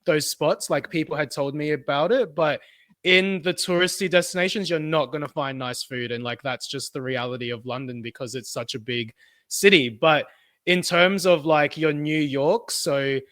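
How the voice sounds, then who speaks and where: An Australian man in his thirties co-hosting a podcast, enthusiastic and full of laughter. His voice sits a little higher than average. The sound is dry and close to the mic. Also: normal speed, a bit bright, dry recording. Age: 30s. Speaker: podcast co-host. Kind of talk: casual chat.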